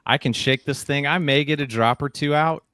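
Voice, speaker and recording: A man's voice: on the high side, normal speed, fairly bright tone, smooth, no echo. A middle-aged man who is a guest on a podcast interview. He tells stories with energy and acts out the voices he quotes. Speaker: guest, keynote speaker and leadership coach.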